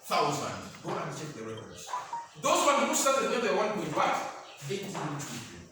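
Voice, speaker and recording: A man's voice: a little high, wildly swooping pitch, moderate pace, distant mic. A man giving a motivational talk, with repeated lists and call-and-response questions to the audience. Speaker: motivational speaker and career guide. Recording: echoey room, speaker off mic, faint noise.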